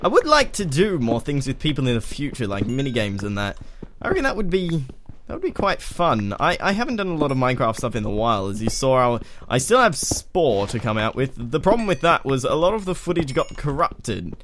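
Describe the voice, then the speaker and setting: Aussie guy faking a british accent, lively up-and-down voice, keyboard clacking behind. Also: medium pitch, brisk, slight background noise. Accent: put-on British. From Australia. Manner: chatty, rambling, talks to game mobs. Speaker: let's play host. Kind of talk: gaming commentary. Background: keyboard typing and clicks.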